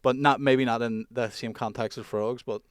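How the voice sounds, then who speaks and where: A man's voice: medium pitch, fairly even intonation, moderate pace, smooth, dry recording, studio quality. Jokey young man. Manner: jokey, sweary, laughs a lot. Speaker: podcast co-host. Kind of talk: casual chat.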